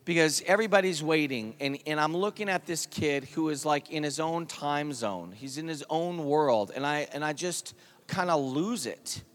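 A man in his thirties, a worship leader, telling a personal story in earnest and dropping to a hushed tone at emotional points. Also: fairly high pitch, moderate pace. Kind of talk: storytelling sermon at a worship service. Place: large worship hall. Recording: live hall reverb with guitar music.

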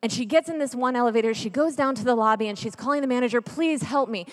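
Speaking at a church gathering, a woman in her thirties delivers a storytelling sermon at a racing pace, her voice sitting slightly high for a woman. She is lively, chatty and jokey at first, later earnest and hushed. Long reverb from a large hall rings around her.

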